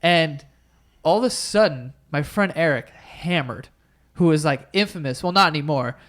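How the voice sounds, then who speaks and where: Speaking at an ordinary speed in a fairly high pitch, this young man hosts a podcast in a relaxed, chatty way. He's a lively storyteller who voices the characters he quotes.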